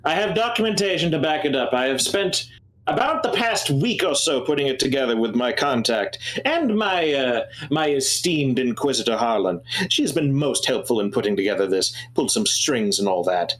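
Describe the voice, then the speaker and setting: A man playing a tabletop game, bantering in character in a lively, animated way and laughing often. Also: mid-range voice, normal speed.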